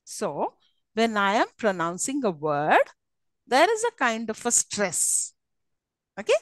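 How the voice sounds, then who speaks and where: Female lecturer, Indian English accent, higher voice, dry close sound, patient classroom teacher. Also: huge pitch swings, slow pace, no echo. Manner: explains with frequent checks to students, encouraging.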